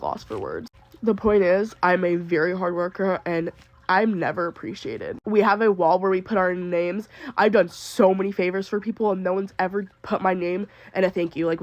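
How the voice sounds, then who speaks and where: A woman's voice: on the low side, no room sound, highs cut off. Young adult woman, retail worker, exasperated venting storyteller, sick and upset, dry close sound. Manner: exasperated, ranting, quick bursts.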